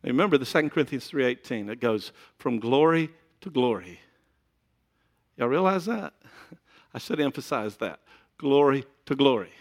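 A man's voice: mid-range voice, animated, normal speed. A middle-aged man preaching a sermon in a conversational way, with joking asides to the congregation. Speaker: pastor.

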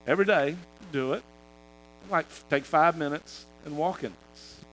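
Man, sermon storytelling, halting and conversational, faint music underneath. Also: on the high side, a bit bright, rough recording. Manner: conversational, halting, many restarts. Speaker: preacher.

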